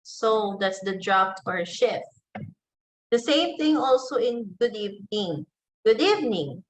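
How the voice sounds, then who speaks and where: A woman with a Filipino English accent teaching an online class, slow and deliberate, saying example phrases aloud to show them. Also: mid-range voice, expressive, fairly bright tone, a little hiss or hum, poor audio.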